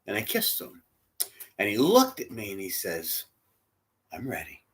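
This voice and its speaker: A man leading a church, telling a heartfelt personal story in a sermon, dropping to a hush and rising loud as he acts out the quotes. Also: fairly low pitch, huge pitch swings, moderate pace. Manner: emotional, swings from hushed to loud, acts out quotes. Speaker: church spiritual leader.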